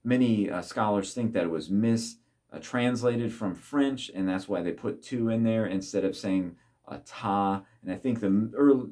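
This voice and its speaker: A man's voice: on the low side, darkish tone. Man teaching trumpet technique. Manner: demonstrates tonguing syllables aloud. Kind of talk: instructional talk to camera.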